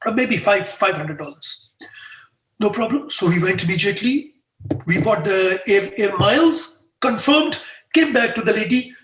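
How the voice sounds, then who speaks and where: A man, a guest in an interview, telling a story and acting out the dialogue. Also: sits high. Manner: animated, acts out dialogue with voices. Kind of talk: storytelling in conversation. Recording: echoey room, far from mic.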